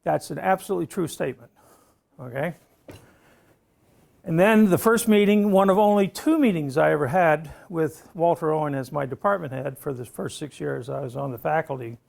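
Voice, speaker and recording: A man's voice: a little high, moderate pace, gravelly, darkish tone. A man around seventy, a professor telling a long story to his class and often checking in with "okay?". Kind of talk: classroom lecture anecdote.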